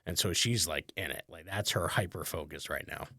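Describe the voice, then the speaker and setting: Deep-voiced man telling a rambling story. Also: normal speed, bright, forceful tone, dry recording, studio quality. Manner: rambling, conversational, many "like" fillers, chuckles often. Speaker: comedian and podcast host. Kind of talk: casual storytelling chat.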